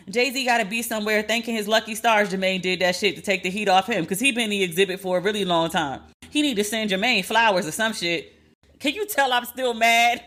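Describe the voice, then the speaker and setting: A woman's voice: medium pitch, a little fast, fairly bright tone. A woman hosting a podcast, ranting in a sassy, emphatic, profane way and repeating lines for punch. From United States. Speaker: podcast host. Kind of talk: casual commentary rant.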